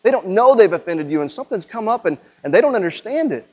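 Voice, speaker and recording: A man preaching a sermon with a high voice. He talks to the congregation in a relaxed, conversational way and keeps checking in with rhetorical questions. The recording sounds a little muffled. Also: fast talker. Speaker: pastor.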